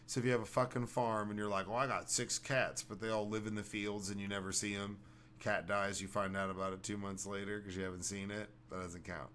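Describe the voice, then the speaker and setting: A man's voice: on the low side, little pitch movement, fairly quick, a bit bright, slight background noise. A man hosting a casual podcast, telling rambling stories full of swearing. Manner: rambling, profane, storytelling. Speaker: podcast host.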